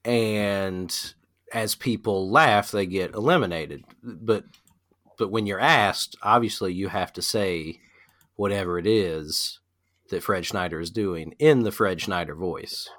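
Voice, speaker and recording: A man's voice: low-pitched, slow, a bit bright. A man hosting a podcast in casual chat, swearing freely and explaining games with lots of fillers. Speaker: podcast host.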